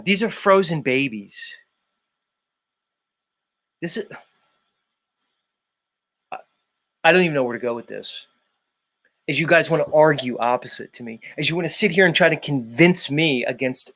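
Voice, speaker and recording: A man's voice: medium pitch, expressive, normal speed, pauses often, fairly bright tone. Profane ranting male host. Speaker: livestream host. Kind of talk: profane rant.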